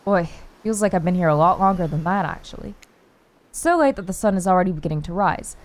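A woman's voice: fairly low pitch, expressive, quick pace, natural voice. A woman reading a snarky game narrator. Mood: wry.

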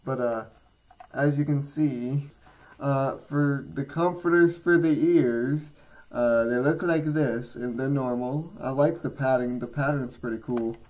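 A teenage boy reviews headphones for his gaming channel in a casual, rambling vlog stuffed with fillers and jokes at his own expense. His medium-pitched male voice is a little slow and a little mellow, heard on a low-quality recording.

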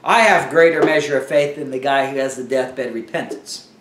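A man's voice: medium pitch, moderate pace, a bit bright, roomy sound, recorded from a distance, slight background noise. A man teaching a Bible lesson in a conversational sermon style, often restarting his sentences.

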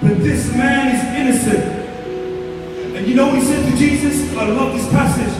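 An evangelist delivers a fervent altar-call sermon, his strikingly high voice climbing into shouts. He is heard from the back of a large concert hall, so every phrase rings in heavy echo. Music plays clearly beneath his words. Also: moderate pace. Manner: impassioned, rising to shouts. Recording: echoey hall, distant mic, music. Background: music playing under the sermon.

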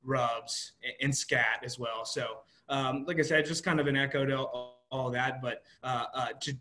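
A man's voice: mid-range voice, fairly even intonation, normal speed, bright, forceful tone. A man from Virginia speaking as a panelist on a video call, easygoing and repeating his words as he goes.

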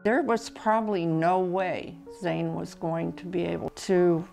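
A woman in a documentary interview, recalling events slowly and deliberately over soft guitar music. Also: on the low side, fairly even intonation, gravelly.

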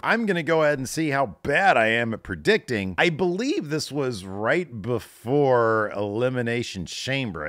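A middle-aged man talks through his predictions in a chatty, joking ramble. His voice rises and falls with animated pitch. The recording is dry and close. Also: no echo. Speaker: wrestling video host. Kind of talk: casual prediction commentary.

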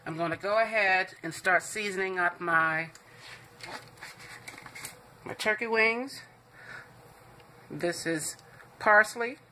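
A woman's voice: mid-range voice, takes it slowly, long pauses, bright, forceful tone, slight background noise. A woman hosting a home cooking show, walking viewers through a recipe in a chatty, reassuring way and calling them "guys".

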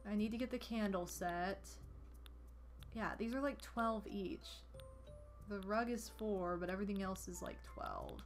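A woman's voice: medium pitch, very animated, a little slow. A woman streamer chatting casually while she plays, rambling with lots of "like" and gushing thanks to donors. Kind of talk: casual gameplay chat. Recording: music playing behind.

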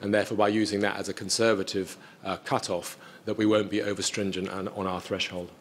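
A man with a lowish voice delivers a scientific presentation at a conference. He speaks in a measured, technical way, often restarting phrases as he explains data and takes questions. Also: little pitch movement, a little hiss or hum. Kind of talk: scientific talk and Q&A answers.

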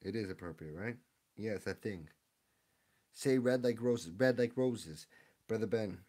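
A man opening trading card packs on a live stream, chatting excitedly with his viewers in a casual, rambling way. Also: on the low side, measured pace, husky.

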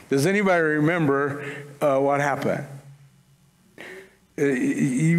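Speaking from a church sanctuary, a male pastor with a fairly bright, high-leaning voice delivers a conversational sermon to his congregation, peppered with humor. Long reverb from the church hall fills the recording.

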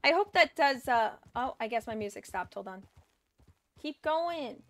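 A woman streamer chatting casually and excitably on a live stream, swearing now and then. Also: on the high side, unhurried. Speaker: livestreamer.

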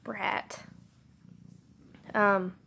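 Giggly hoarse teen girl rambling. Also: mid-range voice, flat delivery, very slow, sharp tone, slight background noise. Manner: rambling, giggly, apologetic, many fillers. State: hoarse, sore throat. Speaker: YouTuber. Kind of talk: casual vlog chat. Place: bedroom. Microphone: phone camera held vertically.

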